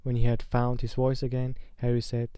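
A man narrating a storybook aloud at a calm, steady pace. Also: medium pitch, brisk, clean tone, dry recording. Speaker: audiobook reader.

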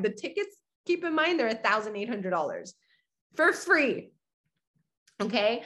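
High-voiced and speaking at normal speed, a young female podcast guest shares a personal story in casual conversation. Her telling is animated and packed with "like," and she performs her own reactions along the way.

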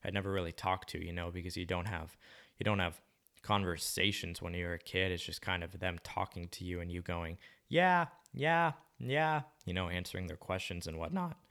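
A man's voice: sits low, flat delivery, brisk, fairly bright tone. A young man rambling casually to the camera, musing in a slangy, laid-back way with plenty of swearing.

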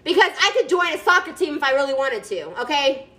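A woman's voice: high voice, big pitch swings, a little fast, pushed and bright, poor audio. A woman giving her team a chatty, emphatic motivational pep talk over a video call, sassy and calling everyone y'all. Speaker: team leader speaking to her sales team.

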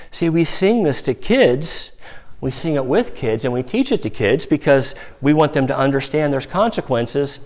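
A man's voice: on the high side, animated, normal speed, a little mellow, lo-fi sound. A male pastor from the United States preaching a sermon in a conversational way, with casual asides to the congregation.

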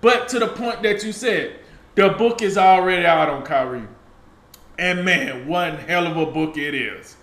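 An animated man co-hosting a sports talk show, with a fairly high voice. He makes emphatic, colloquial points in casual chat. The room has a noticeable echo. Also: measured pace.

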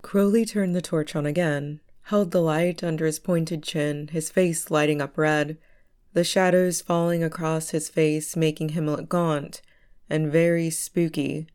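Woman narrator, smooth clear voice, slightly low, measured storytelling, audiobook reading. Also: steady tone, a little mellow.

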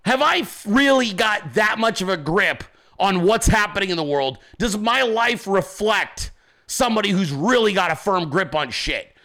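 Male host, high lively voice, combative and profane, ranting from home. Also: moderate pace. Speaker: podcast host. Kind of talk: ranting political commentary. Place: home office at a desk.

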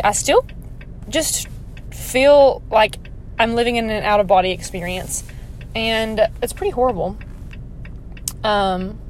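A young woman recaps her day into her phone, chatty and rambling, with a steady stream of "like" and "um." Her voice sits a bit high. Faint car noise hums behind her as she talks from a parked car. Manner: chatty, rambling, many fillers and "like"s. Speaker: vlogger. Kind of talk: casual diary vlog.

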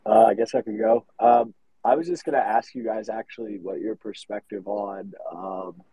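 A man's voice: fairly low pitch, normal speed, warm tone, slightly rough, no room sound. A man in a casual online discussion, asking his question in a tentative way. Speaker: panel guest. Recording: muffled call with faint background ambience.

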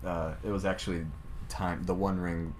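A man's voice: deep voice, level tone, normal speed, darkish tone, slight background noise. Giggly young man in casual chat. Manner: rambling, giggly, trails off into laughs. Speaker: co-host sharing trivia. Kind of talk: casual podcast chat among friends.

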